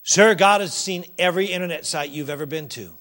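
A man preaching a sermon, emphatic and animated, addressing the congregation directly. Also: fairly high pitch, fairly quick.

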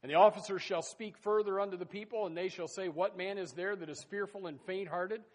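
A man preaching a sermon in a folksy, animated way, with sudden loud bursts and asides to the congregation. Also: sits high, brisk. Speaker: pastor.

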